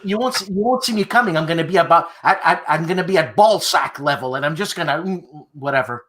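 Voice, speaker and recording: A joking man with a high voice trades jabs in a casual podcast chat. He stumbles and restarts as he talks. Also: fast talker, a bit bright. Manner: joking, stumbles over his words.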